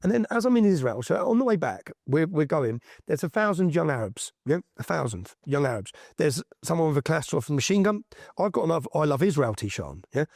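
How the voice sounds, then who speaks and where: A man being interviewed, telling an animated story and acting out what other people said, with frequent repeats and restarts. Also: on the high side, a little fast, dry recording, clean studio sound. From England. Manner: lively, repeats himself, quotes people in his stories. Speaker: interview guest.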